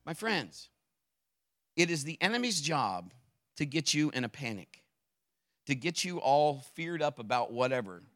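A pastor preaching a sermon, fervent and emphatic, with a folksy, conversational way of talking. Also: male voice, on the high side, sing-song, unhurried, pauses often, fairly bright tone.

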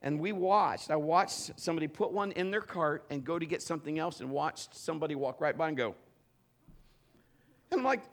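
Speaking at a moderate pace in a voice on the high side, this middle-aged preacher delivers a funny sermon packed with anecdotes, acting out quotes with lively, joking energy.

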